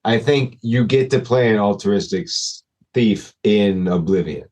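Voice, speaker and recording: Comedian guest, male, slightly low voice, self-deprecating and loose. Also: unhurried. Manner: self-deprecating, animated, filler-heavy. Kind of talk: casual chat.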